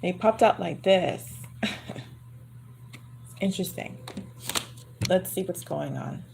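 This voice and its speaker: A woman's voice: fairly low pitch, slow pace, noisy background. A woman giving a livestream tarot reading, chatty and murmuring to herself as she repeats her phrases. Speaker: tarot reader. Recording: card shuffling clearly audible.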